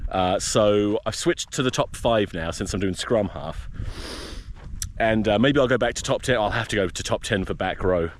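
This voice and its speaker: A man's voice: fairly low pitch, a little hiss or hum. A man hosting a rugby podcast, ranting in a profane, rambling, jokey way while hiking outdoors in a desert wilderness. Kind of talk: casual rant while hiking.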